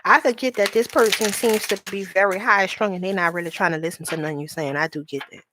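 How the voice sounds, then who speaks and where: A woman giving a live tarot reading to viewers, speaking candidly and reassuringly, reading card meanings slowly and calling people sweetheart. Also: medium pitch, steady tone, sharp tone, a little hiss or hum.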